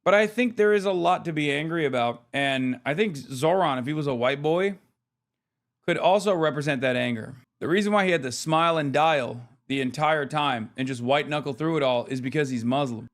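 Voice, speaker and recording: A man streaming live, reacting in quick, rambling, profane commentary full of fillers. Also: on the high side.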